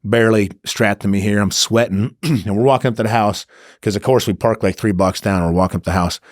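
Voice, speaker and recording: A former undercover officer telling casual war stories as a podcast guest, laid-back and swearing freely. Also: male voice, on the low side, brisk, no room sound, clean studio sound. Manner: laid-back, swearing, acts out quoted voices. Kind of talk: casual storytelling. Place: podcast studio. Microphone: studio mic.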